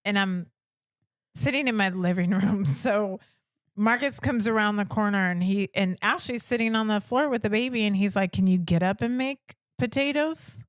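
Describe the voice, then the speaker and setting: A woman's voice: medium pitch, normal speed, dry recording. A middle-aged woman co-hosting a podcast, telling a family story in casual chat and acting out what people said. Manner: animated, acts out quotes with voices. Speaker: podcast co-host.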